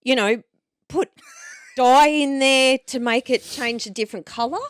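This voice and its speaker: A woman's voice: high-pitched, measured pace. Chatty woman telling stories. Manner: chatty storyteller, goes off on tangents. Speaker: podcast co-host. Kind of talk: casual chat. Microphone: studio microphone.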